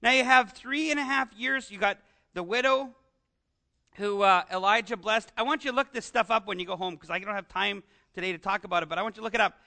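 A man preaching a conversational sermon into an amplified microphone, animated and often asking his congregation rhetorical questions. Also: high voice, fast. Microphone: amplified microphone with some feedback.

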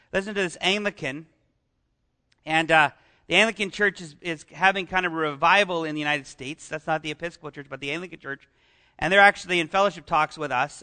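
A man's voice: high voice, bright, forceful tone. A man preaching a sermon as pastor, talking conversationally and asking the congregation questions.

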